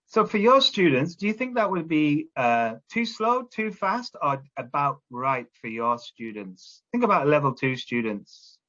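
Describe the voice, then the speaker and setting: Delivering an instructional talk to teachers, a man lays out classroom drilling one step at a time, frequently asking "okay?". His fairly high, sharp voice is very animated yet unhurried with few pauses, though the audio is dull.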